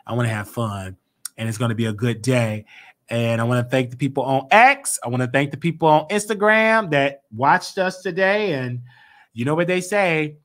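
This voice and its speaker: Guy w/ hosting his own show, bright tense voice, gets loud and worked up. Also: medium pitch, moderate pace. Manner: animated, rising to emphatic outbursts. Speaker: show host. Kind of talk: solo commentary show.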